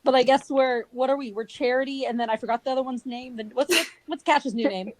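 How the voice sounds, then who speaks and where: A woman playing a tabletop game, animated and enthusiastic. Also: sits high, fast, background noise. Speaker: player.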